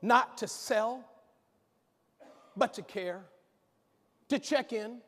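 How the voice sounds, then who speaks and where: High, lively man in an echoey hall. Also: very slow. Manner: animated, joking, banters with the audience. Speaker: keynote speaker. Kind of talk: energetic conference keynote. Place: conference hall stage.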